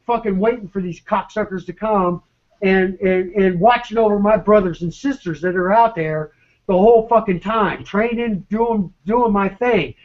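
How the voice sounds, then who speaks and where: A man rants urgently over an online voice chat, swearing constantly and stumbling over his words as he repeats himself. His voice sits very high for a man. The audio is dull and lo-fi. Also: moderate pace. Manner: profane, urgent, repetitive, stammering. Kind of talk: agitated rant.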